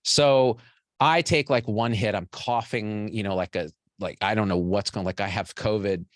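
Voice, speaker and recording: A man's voice: on the low side, steady tone, normal speed, no room sound, clean studio sound. A man in his forties, a physician and show host, telling a personal story to an audience in a candid, rambling and profane way. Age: 40s.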